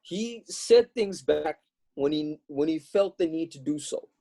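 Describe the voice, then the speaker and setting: Emphatic young man, mellow voice. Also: a little high, expressive, measured pace, vocal fry. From Los Angeles. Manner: lecturing, emphatic, tag questions. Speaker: podcast co-host. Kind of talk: casual chat.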